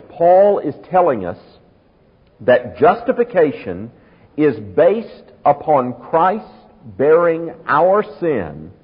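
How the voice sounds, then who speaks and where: A pastor with a medium-pitched, husky voice preaches an emphatic sermon, drawing out key words and speeding through asides. The recording is muffled, with long hall reverb.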